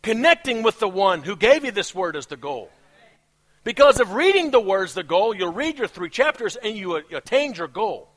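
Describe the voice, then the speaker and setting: A male pastor with a non-native English accent preaches with lots of energy. His voice sits high and swings up and down, and he breaks into laughs between points. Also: normal speed. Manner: animated preaching with laughs and asides. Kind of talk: sermon.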